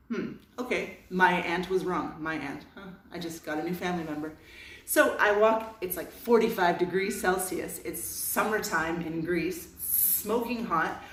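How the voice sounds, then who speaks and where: A woman in her thirties from Canada telling a comic personal story, animated and self-mocking, with dramatic pauses. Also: lowish voice. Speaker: vlogger. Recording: roomy sound from a distance.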